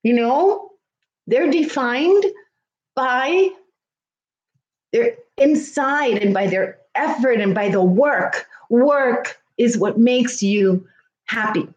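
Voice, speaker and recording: A woman's voice: on the high side, expressive, slow, muffled recording. Woman, teacher, casual livestream chat, earnest, repetitive, roomy echo. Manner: earnest, heartfelt, repeats phrases for emphasis. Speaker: schoolteacher and vlogger.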